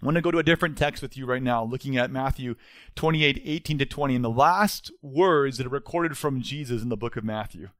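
A man's voice: mid-range voice, a little fast, a bit bright, dry recording. A man, preaching a sermon as pastor in an earnest, emphatic way.

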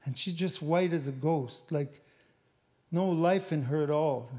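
A middle-aged man giving an emotional personal testimony, halting and repeating words as he searches for them. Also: a little high, mellow. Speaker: missionary speaker.

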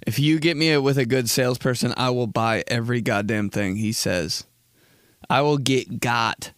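A man's voice: mid-range voice, moderate pace, fairly bright tone, smooth, dry recording. A young man hosting a podcast, talking through a rambling comedic monologue from a studio, laughing often and calling his listeners dude and bro. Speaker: podcast host.

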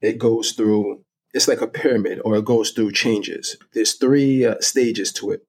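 Low-voiced man explaining with enthusiasm. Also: measured pace, slight background noise. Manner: explains step by step, chatty and animated. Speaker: guest fragrance expert. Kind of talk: casual interview talk.

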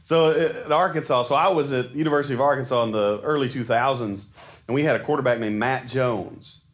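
A man in his forties preaching a sermon in a casual, animated storytelling way, acting out the quotes he tells. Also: mid-range voice, brisk. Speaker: pastor.

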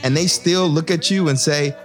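A man with a somewhat high voice argues his point emphatically, his pitch swinging widely as he presses on. As a former Marine officer in discussion, he keeps checking in with his listener. Faint music plays behind him. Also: normal speed. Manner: emphatic, lively pitch, keeps checking in with "right?" and "you know?". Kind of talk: impassioned conversational discussion.

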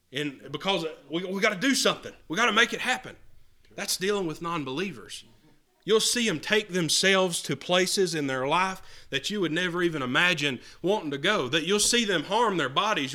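A man's voice: fairly high pitch, bright, forceful tone. A man preaching an earnest sermon, reading scripture aloud and often restarting his words.

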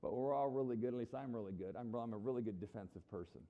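A man's voice: medium pitch, fast, muffled recording. A middle-aged man preaching a sermon as a pastor, talking conversationally and acting out the people he quotes. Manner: conversational, animated, acts out quoted voices.

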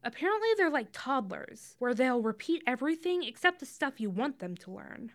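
A young woman hosts her podcast in a chatty, tangent-prone way and drops wry asides as she goes. Her voice sits a little high and swoops up and down with lively expression. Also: normal speed, hardly any pauses. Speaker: podcast host. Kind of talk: casual scripted podcast monologue.

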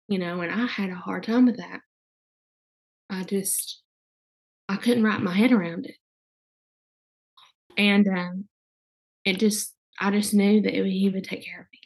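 A young woman guest speaking candidly in casual conversation, halting, with many fillers and restarts. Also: mid-range voice, fairly even intonation, slightly rough.

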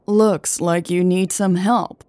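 A woman's voice: on the low side, fairly even intonation, takes it slowly, mellow, dry recording. A woman voicing a taunting, skeptical woman rival in an audiobook. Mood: mocking. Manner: mocking, skeptical.

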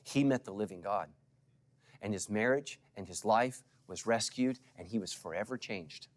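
This is a sermon from a middle-aged male pastor whose voice sits lowish and whose pace is moderate. Addressing his congregation, he shifts from loud calls to hushed asides and prompts them to respond.

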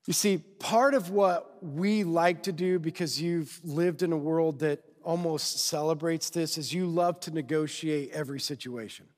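A man's voice: on the high side, fairly even intonation, a little slow, hardly any pauses. A male pastor preaching a conversational sermon, constantly checking in with the congregation through rhetorical questions. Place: church sanctuary. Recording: long reverb of a large hall.

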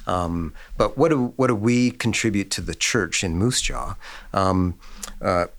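A man with a fairly low voice speaks in an easy podcast conversation. He is thoughtful and unhurried, circling back to restart phrases as he recalls talks with students and parishioners. His tone stays measured throughout. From Canada. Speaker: Anglican rector, guest.

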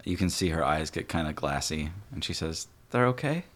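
A man narrating as game master, halting with fillers and laughs. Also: very deep voice, steady tone, fairly bright tone.

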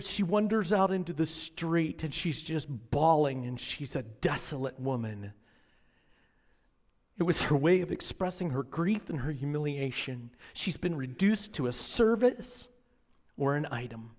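A male pastor delivers a sermon with a somewhat high voice. He tells the story dramatically, dropping to near-whispers and then building to impassioned, raised passages. The long reverb of a large church hall hangs on every phrase. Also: animated, measured pace. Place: church auditorium.

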